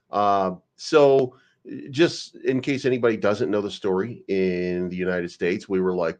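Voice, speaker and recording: A man's voice: on the low side, fairly quick. A man hosting a crypto livestream, rambling and joking with casual swearing. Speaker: crypto live-stream host.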